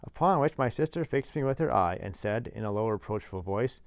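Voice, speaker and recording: A man's voice: on the low side, lively intonation, fairly quick, vocal fry, few pauses, no echo. A man reading a classic novel aloud as narrator, with dry, wry asides.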